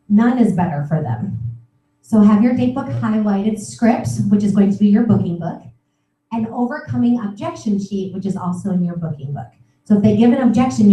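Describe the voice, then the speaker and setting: A middle-aged woman giving an upbeat, energetic sales training talk. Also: mid-range voice. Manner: upbeat, energetic, peppy coaching. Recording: echoey room, voice from far off the mic.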